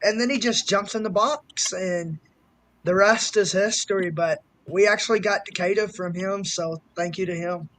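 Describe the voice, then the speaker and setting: A man chatting casually on a live stream, telling animated stories and swearing freely. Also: high-pitched, normal speed. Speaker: guest storyteller.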